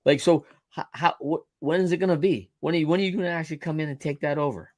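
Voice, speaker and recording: A man's voice: on the high side, fast talker, a little mellow, dry recording. A middle-aged man hosting a podcast interview, talking casually in loose, rambling sentences full of restarts. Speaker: podcast host and coach.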